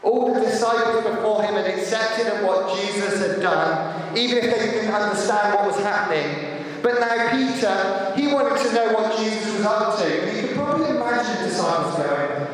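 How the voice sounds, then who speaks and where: A man preaching a sermon, retelling a Bible story with animated shifts as he voices the characters. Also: high voice, moderate pace. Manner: storytelling, acting out biblical characters with lively shifts. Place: church hall. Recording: echoey hall from far off.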